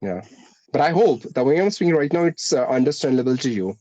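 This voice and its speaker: A man with a blended Indian English accent, tinged with American and British sounds, talks at an ordinary pitch in a dry, close-sounding room. He explains things steadily, pausing often on fillers and restarting his phrases. The delivery feels like an unscripted conversation. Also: big pitch swings, warm tone, dry recording, low-quality recording. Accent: Indian English, mixed with American and British. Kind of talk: casual conversational interview.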